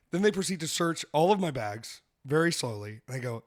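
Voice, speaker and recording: A man's voice: mid-range voice, expressive, normal speed. Guy hosting a comedy podcast, swears a lot, laughs mid story. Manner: loose, profane storytelling with frequent laughs. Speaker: podcast host. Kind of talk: casual comedic chat.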